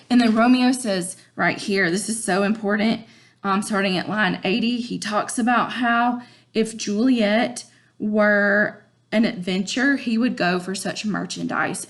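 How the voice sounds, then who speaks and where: A woman, a teacher casually summarizing a lesson in a chatty, slangy, animated way. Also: medium pitch, gravelly.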